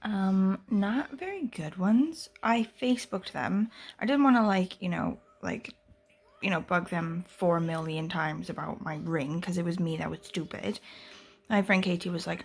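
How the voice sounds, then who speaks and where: A woman's voice: fairly low pitch, expressive, unhurried, vocal fry, breathy edge. A young woman in a casual book vlog, talking in a chatty, rambling way, full of "like" and "you know". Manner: chatty, rambling, heavy use of "like". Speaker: book vlogger.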